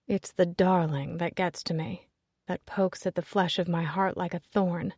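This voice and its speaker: A woman narrating a first-person romance audiobook in an expressive storytelling voice. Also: fairly low pitch, a little slow, no room sound, clean studio sound.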